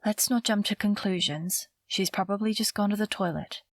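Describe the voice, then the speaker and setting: A woman's voice: medium pitch, moderate pace, no room sound, close to an everyday voice. A woman voicing a worried but firm woman in an audiobook, close to her own voice. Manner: firm and urgent.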